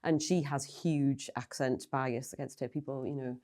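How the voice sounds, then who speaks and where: Mellow-voiced Geordie woman host. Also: rumbling low, steady tone, moderate pace. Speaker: podcast host. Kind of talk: casual interview chat.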